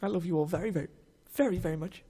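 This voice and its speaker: A man's voice: high-pitched, rapid-fire, dark tone, slightly rough. A man hosting a livestream, tearful and giddy as he signs off, effusive and emotional, swearing casually while he thanks his viewers. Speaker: livestream host. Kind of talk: casual livestream sign-off chat.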